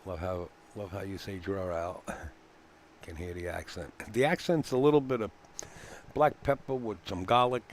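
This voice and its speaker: A deep-voiced man commentates on a pool match live from a pool hall commentary booth, at a moderate pace with a little hiss or hum on the recording. His style is chatty and folksy, with frequent filler words and relaxed laughter.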